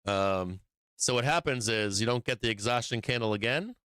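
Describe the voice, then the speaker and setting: A man's voice: mid-range voice, moderate pace, a bit bright, smooth, no room sound. A man hosting a live stock market stream, explaining charts casually with frequent swearing and rambling asides. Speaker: stock market livestream host.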